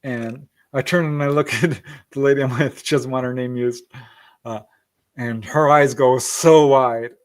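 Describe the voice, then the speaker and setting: A middle-aged man appears as a podcast guest, telling a story in a casual interview style, acting out quoted voices and laughing often. His voice is medium in pitch, steady in tone, and measured in pace.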